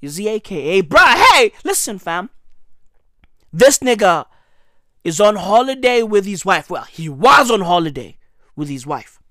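A man's voice: high-pitched, sing-song, a little slow, sharp tone, no echo, studio quality. A man giving profane, mocking satirical commentary on the news, full of slang asides.

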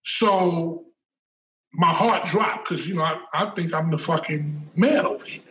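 A middle-aged man with a high voice tells a story in a loose, animated way. He curses freely and repeats words as he builds toward the point. He is recorded from a distance, in a room with a lot of echo. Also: measured pace, slight background noise. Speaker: storyteller guest. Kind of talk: casual storytelling. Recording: roomy sound from a distant mic.

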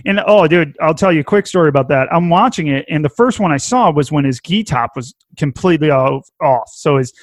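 A man with a Welsh accent in casual podcast chat, animated, laughing often and swearing casually. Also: fairly high pitch, fairly quick, few pauses, dry recording.

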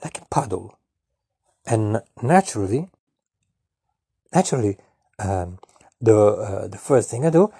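Halting, rambling man with a husky voice. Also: lowish voice, big pitch swings, mellow, no room sound, clean studio sound. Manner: hesitant, full of fillers and restarts. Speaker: storyteller. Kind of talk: rambling absurd comic monologue.

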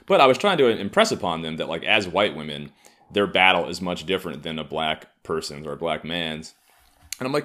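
A man's voice: sits low, animated, brisk, a bit bright. A young American man talking off the cuff in a provocative, sarcastic, rambling comedic monologue. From United States. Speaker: solo vlogger.

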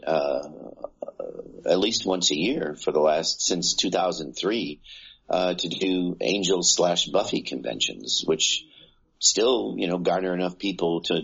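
A man, an actor, telling stories in a relaxed interview, rambling with many fillers and restarts. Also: deep voice, slightly rough, lo-fi sound. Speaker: actor guest. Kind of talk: casual interview chat.

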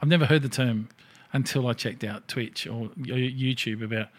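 Swearing, animated storytelling man. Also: medium pitch, normal speed. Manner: animated storyteller who acts out other people's lines, swears freely. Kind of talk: casual chat.

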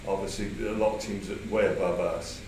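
Hombre inglés mayor contando anécdotas, sala con eco. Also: male voice, sits low, steady tone, brisk. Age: over 50. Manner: rambling anecdotes with restarts, quoting himself, laughing. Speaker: former football manager, guest. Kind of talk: casual storytelling. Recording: roomy, distant mic, background noise.

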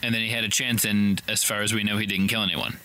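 A man's voice: on the low side, flat delivery, fast talker, sharp tone. A man co-hosting a casual podcast chat, playful and teasing, often laughing. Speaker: podcast co-host.

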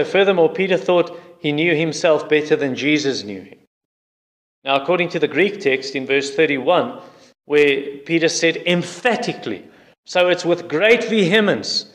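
A man preaching a sermon in an earnest, explanatory way. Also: a little high.

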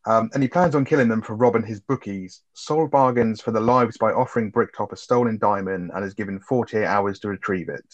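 A man's voice: on the low side, fairly quick, hardly any pauses. A man co-hosting a film review podcast, casually recapping plot and swearing freely. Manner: laid-back, swears freely, summarizes plot. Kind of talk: casual chat. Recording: dull lo-fi sound.

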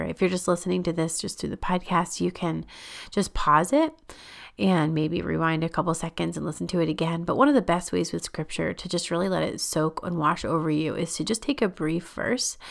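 A woman hosting a podcast, leading a guided Christian prayer meditation in a gentle, unhurried way that sometimes drops to a breathy whisper. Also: lowish voice.

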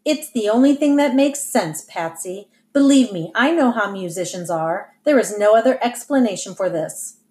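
A gruff, bitter middle-aged father , as a woman reader puts him on, dropping his voice low and heavy. He speaks curtly and accuses without backing down. The audiobook telling keeps him clipped and hard. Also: lively intonation, moderate pace, a little mellow, natural voice. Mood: accusing. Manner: curt, accusing.

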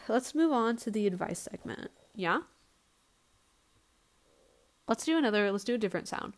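A woman's voice: fairly high pitch, animated, a little slow, long pauses. Foul-mouthed young woman rambling on a podcast. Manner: rambling, profane and blunt. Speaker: podcast host. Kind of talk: casual solo podcast chat. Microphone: no proper microphone.

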